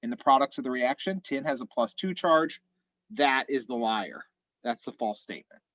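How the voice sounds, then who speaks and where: Slightly hoarse man teaching chemistry. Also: medium pitch, lively intonation, moderate pace, a bit bright, no echo, dull audio. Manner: explains step by step, methodical. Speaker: chemistry instructor. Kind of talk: online class review.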